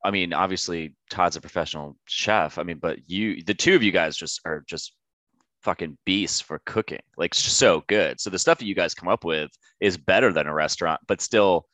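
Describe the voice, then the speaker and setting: Very deep-voiced man, dry close sound. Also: moderate pace, fairly bright tone, no echo. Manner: rambling, lots of fillers and acted-out quotes. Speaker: podcast co-host. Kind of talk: casual chat.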